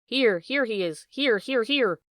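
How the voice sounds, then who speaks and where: A woman doing a shrill, frenzied little dog. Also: a little slow, no room sound, clean studio sound. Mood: frantic. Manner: shrill, howling, excited yapping. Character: small, frenzied male hunting dog, malevolent.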